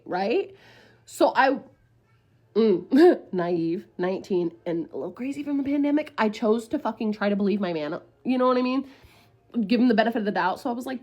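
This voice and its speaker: A woman's voice: on the high side, dark tone. A young woman in her early twenties telling a personal story in casual storytime style, blunt and profane, acting out the other people's lines. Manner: blunt, profane, dramatic retelling with quoted voices.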